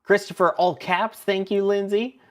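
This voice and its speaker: A man's voice: high voice, steady tone, moderate pace. A man co-hosting a livestream, chatty and punning, reading viewer messages aloud. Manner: chatty, punning, laughs often. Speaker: co-host.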